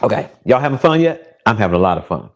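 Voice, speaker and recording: Talking fast in a lowish voice with big pitch swings, a man cooks in his home kitchen during a casual live stream, joking with viewers by name. A pan sizzles, slight background noise creeps in, and the recording is low quality.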